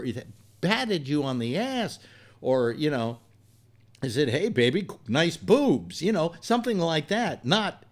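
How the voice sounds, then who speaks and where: Older male talk host, blunt and profane rambling storyteller, lively animated delivery. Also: a little high. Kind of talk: rambling personal anecdote.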